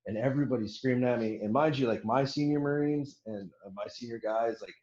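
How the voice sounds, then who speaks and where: This time the young man's war story comes at a brisk clip and a medium pitch. Profane and laughing in casual podcast chat, he acts out others' words in animated bursts, and the recording is muffled with an echoey room.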